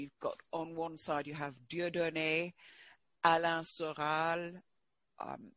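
A man being interviewed as a guest, talking in a halting way with many fillers and restarts. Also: fairly high pitch, sharp tone, no room sound. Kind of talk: interview conversation.

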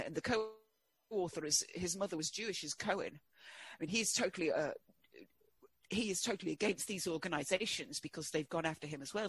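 A man being interviewed as a guest, talking in a halting way with many fillers and restarts. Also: fairly high pitch, fairly bright tone, husky. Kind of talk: interview conversation.

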